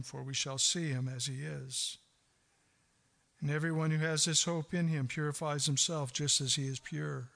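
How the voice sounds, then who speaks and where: A middle-aged man preaching a sermon in an animated way, laughing often and acting out quoted voices. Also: high voice. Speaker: pastor.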